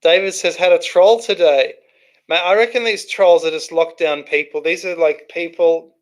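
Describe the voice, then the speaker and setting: A man's voice: a little high, fairly even intonation, normal speed. A man hosting a livestream, reading out chat comments and answering them in a rambling, casual way. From Australia. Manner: chatty, rambling, thinks aloud with restarts.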